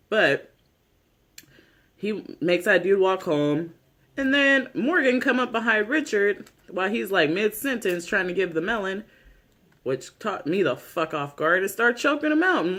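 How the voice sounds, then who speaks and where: Man, casual TV recap vlogger. Rambling and slangy with lots of cursing, a touch higher-pitched than most. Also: sharp tone. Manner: rambling, heavy use of "like" and "you know"; swears freely, slangy. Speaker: YouTube show recapper.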